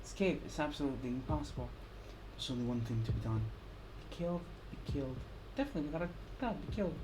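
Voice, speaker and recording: Low-voiced woman reading dramatically. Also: expressive, quick pace, noisy background. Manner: intense, swings from hushed whispers to loud cries. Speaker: streamer. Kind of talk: dramatic reading of a visual novel. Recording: clear background music.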